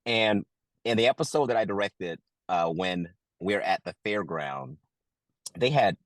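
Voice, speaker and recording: A middle-aged man, an actor who also directed, telling a casual story in an interview, lively and full of restarts. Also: low voice, a little slow, no echo. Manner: animated, acts out quotes, many restarts.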